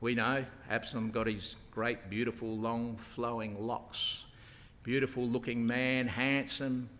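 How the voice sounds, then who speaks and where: A man preaching a sermon, animated, acting out the lines of the people in the story with a raised voice. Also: medium pitch, a little slow. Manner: animated, acts out quotes with raised voice. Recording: long hall reverb.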